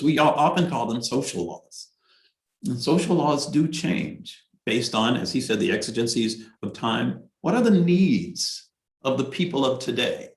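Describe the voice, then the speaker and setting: A man reading religious passages aloud and repeating them with emphasis, then commenting on them. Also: on the low side. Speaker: speaker at a Bahá'í devotional. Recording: echoey room.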